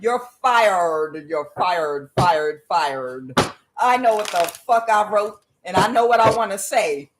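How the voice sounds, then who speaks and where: A woman's voice: fairly low pitch, animated, slow pace, noisy background. A woman voicing a brash, egotistical older male president who talks bluntly and swears. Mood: angry. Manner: blunt, defiant, profane.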